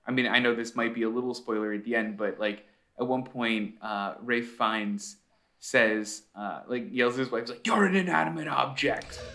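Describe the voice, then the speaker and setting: A man co-hosting a casual podcast chat, telling stories in a lively, animated way. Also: on the low side, moderate pace. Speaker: podcast co-host.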